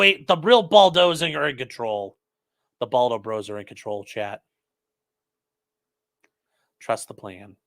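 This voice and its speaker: A man hosts a casual commentary stream, reading chat messages out loud and replying with sarcasm. His mid-range voice is bright and forceful.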